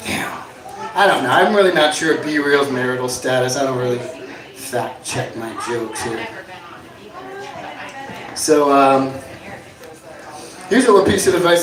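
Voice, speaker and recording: A man with a high voice works through a stand-up set of dry one-liners, now and then shouting out a bit. He sounds set back from the mic, and the bar room around him echoes. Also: recorded from a distance. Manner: jokey deadpan one-liners, bursts into shouted bits. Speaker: stand-up comedian. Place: inn bar with live audience.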